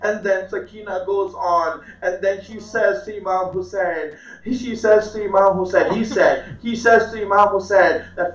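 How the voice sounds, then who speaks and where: A man giving a mournful sermon, tearful and voice breaking, swinging from impassioned cries to low, hushed narration. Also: steady tone, normal speed. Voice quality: impassioned, rising to cries then sinking low. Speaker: majlis speaker. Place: hall of a religious gathering. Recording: echoey hall, distant dull mic.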